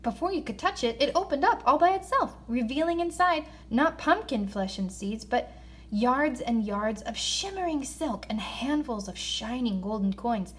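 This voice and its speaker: A woman reading a children's story aloud in an expressive voice, slowing down for emphasis. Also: a little high. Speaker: narrator.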